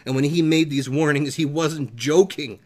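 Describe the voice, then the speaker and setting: A man's voice: on the high side, normal speed, darkish tone. A man preaching fervently on a talk show, emphatic and emotional, his voice climbing when he gets worked up.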